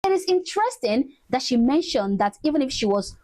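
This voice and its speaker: A woman reading a scripted voiceover in a slow, deliberate, indignant way. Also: sits high, big pitch swings, mellow. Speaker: video narrator.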